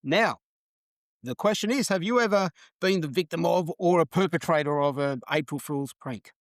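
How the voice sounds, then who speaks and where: A man hosting a podcast, his voice sitting a little high. He tells stories in a loose, chatty way and laughs often. The sound is dry and close, with no room around it. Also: normal speed, no echo. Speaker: podcast host. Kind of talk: casual chat.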